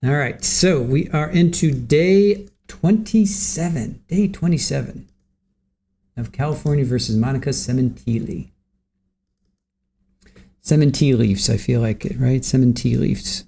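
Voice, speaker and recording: A man's voice: medium pitch, unhurried, creaky, pauses often, dark tone, husky. A man hosting a livestream, greeting viewers from the chat by name and chatting casually while waiting for court to start. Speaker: livestream host.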